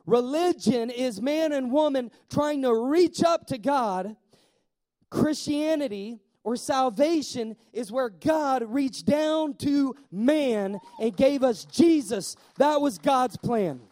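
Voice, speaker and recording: A man preaching a sermon in a lively way, asking the congregation questions and slowing down to stress key words. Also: extremely high pitch. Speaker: pastor.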